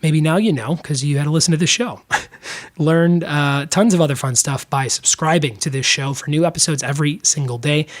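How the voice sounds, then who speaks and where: Young male podcast host, a little high-voiced, reads trivia answers with offhand jokes. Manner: chatty, joking asides between answers. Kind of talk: casual solo podcast trivia.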